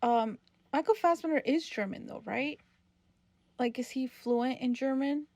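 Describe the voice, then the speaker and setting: A woman co-hosting a casual movie podcast, a native Spanish speaker who chats animatedly and acts out quotes. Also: unhurried. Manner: animated, acts out quotes with big pitch jumps. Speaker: podcast co-host.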